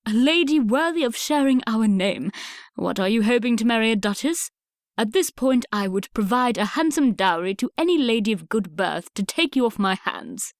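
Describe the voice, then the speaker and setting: A loud, blustering older gentleman of the Regency era, as a woman narrator puts him on, pushing his words out brusquely and with heavy emphasis. He sounds like a storybook father who expects to be obeyed, and his voice sits close and dry on the mic. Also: fairly high pitch, animated, normal speed, no echo. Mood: booming.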